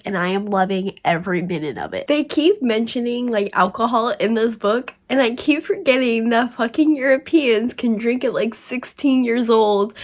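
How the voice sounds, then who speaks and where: A young woman talking casually and emotionally about a book she is reading, gushing and swearing freely as a book vlogger. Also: a little high.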